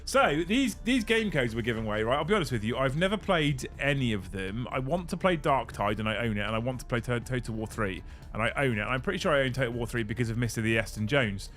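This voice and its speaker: A young British man hosting a live stream, excitable and swearing casually as he runs giveaways. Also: mid-range voice, fast talker, few pauses, faint music behind. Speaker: livestream host.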